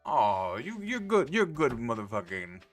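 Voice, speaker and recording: A man's voice: medium pitch, wildly swooping pitch, unhurried, soft background music. A man livestreaming a farming game, rambling to himself and swearing often in casual commentary.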